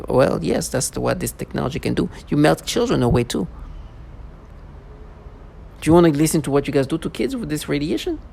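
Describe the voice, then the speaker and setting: A man's voice: on the high side, sing-song, a little fast, creaky, pauses often, darkish tone, slightly rough. A man delivering an agitated, accusatory monologue in a repetitive style. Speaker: vlogger. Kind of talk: angry monologue. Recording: noisy background.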